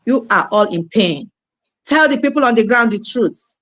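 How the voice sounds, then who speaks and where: A woman's voice: on the high side, animated, normal speed, a bit bright, no room sound. A woman ranting in a scolding, preachy monologue, repeating her phrases. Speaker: online commentator.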